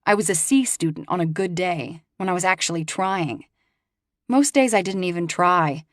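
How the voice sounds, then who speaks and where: A woman reading a first-person romance audiobook with expressive, rising emphasis. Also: on the low side, normal speed, no room sound, clean studio sound. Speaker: audiobook narrator.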